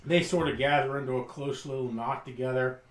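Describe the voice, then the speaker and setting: A man's voice: mid-range voice, steady tone, brisk, echoey room. A man narrating a tabletop role-playing game as game master, often stumbling and restarting his descriptions.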